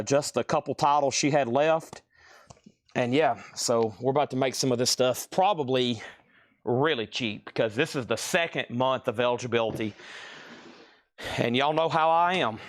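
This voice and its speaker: Man, live sale host, fast patter, slightly winded, mid-pitched voice. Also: dry recording, studio quality. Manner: fast, chatty, running through prices and buyer names. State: a bit out of breath.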